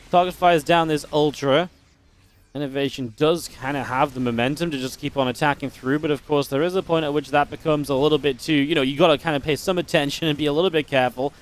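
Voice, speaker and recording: Upbeat man casting a live esports match. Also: on the high side. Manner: chatty, upbeat, quick reactions. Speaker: esports caster. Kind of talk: live play-by-play commentary.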